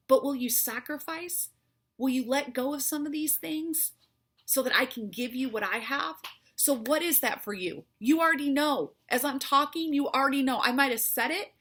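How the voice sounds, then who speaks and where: Husky-voiced woman giving an earnest faith talk. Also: on the high side, fairly bright tone. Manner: earnest, encouraging, speaks straight to the listener. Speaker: faith-based health coach. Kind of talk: motivational faith talk to viewers.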